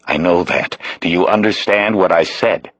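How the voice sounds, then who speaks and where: A man's voice: low voice, normal speed, a bit bright, dry recording. A man voicing a male police detective giving firm, urgent instructions.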